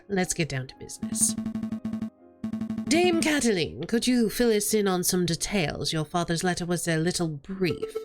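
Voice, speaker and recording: A woman voicing a proper, deadpan male falcon lawyer in a visual novel read-aloud. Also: fairly low pitch, a little slow, over music. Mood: dry.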